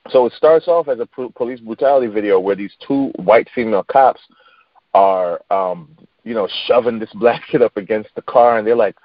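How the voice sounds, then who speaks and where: A man's voice: lowish voice, normal speed, no echo, dull audio. A man co-hosting a casual chat, rambling and restarting, laughing easily.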